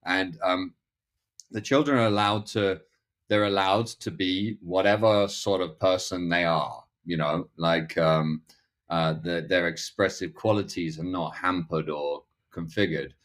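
A middle-aged man with a notably low, deep voice chats as a podcast guest. He rambles, restarts his sentences and leans on fillers as he circles toward his point. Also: fairly even intonation, unhurried, a bit bright. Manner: acts out other people's lines in quoted voices. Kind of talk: casual conversational interview.

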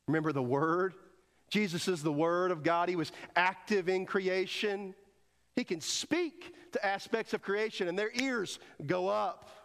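A man preaching a sermon as pastor, swinging between loud emphatic peaks and hushed quoted lines, and leading the congregation to repeat after him. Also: medium pitch. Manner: leads the congregation in call and response.

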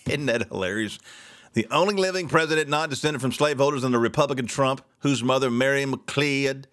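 A man's voice: mid-range voice, a little fast, a bit bright. A middle-aged man hosting a solo talk show, ranting with sarcastic indignation.

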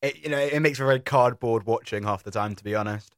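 A man's voice: mid-range voice, quick pace, dry recording, studio quality. A man with a British accent, co-hosting a review podcast, chatting casually with British slang. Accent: British English. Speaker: podcast co-host. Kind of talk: casual chat.

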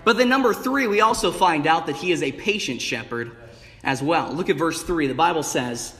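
High-voiced young preacher in echoey hall. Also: male voice, expressive, normal speed, fairly bright tone. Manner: exuberant, rising to emphatic bursts with call-outs of "amen" and "hey". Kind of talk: sermon. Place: church sanctuary.

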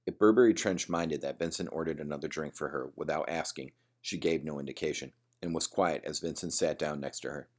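A man narrating a gritty story in a plain, steady reading. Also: rumbling low, a little fast, few pauses. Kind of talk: audiobook narration.

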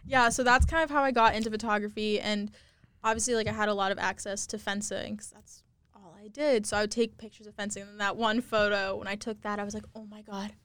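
A woman's voice: medium pitch, steady tone, fast talker, a bit bright, clean tone, dry recording. A young woman guest in a casual podcast interview, telling stories chattily with constant fillers, in a campus studio. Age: young adult.

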